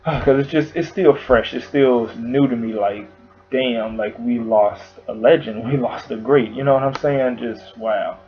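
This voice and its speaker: Emotional man with halting, sighing speech. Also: mid-range voice, dull audio, soft background music. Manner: halting, long pauses, sighs and filler words. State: emotional, near tears. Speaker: vlogger. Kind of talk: emotional tribute vlog.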